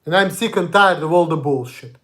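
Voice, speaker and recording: A man's voice: a little high, a little fast, fairly bright tone. A young man from Russia with a Russian accent, ranting angrily and profanely in a confrontational monologue. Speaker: vlogger. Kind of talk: angry monologue.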